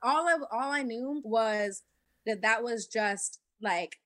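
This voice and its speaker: Animated woman guest acting out her story. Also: a little high, slow pace, no room sound. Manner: animated storyteller who acts out what people said. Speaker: reality show contestant guest. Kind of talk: casual interview chat.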